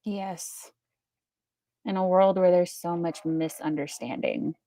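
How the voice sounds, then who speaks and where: A woman's voice: fairly low pitch, fairly even intonation, slow, dry recording, studio quality. A woman co-hosting a casual livestream, chiming in with brief remarks and laughter. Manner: brief warm interjections and laughs. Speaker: co-host.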